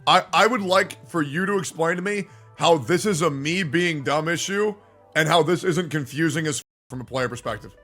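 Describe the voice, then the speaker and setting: A man's voice: fairly high pitch, moderate pace, pushed and bright, faint music behind. A male livestreamer who argues with his chat and swears a lot. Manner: argumentative, profane, talks back to chat. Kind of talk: live-stream chat reacting to viewers.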